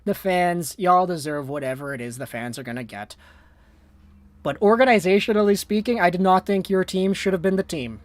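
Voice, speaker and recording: A woman hosting a livestream, giving excitable live reaction commentary and talking to viewers in the chat, swinging from low muttering to shouted disbelief. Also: moderate pace, no echo. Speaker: livestream host.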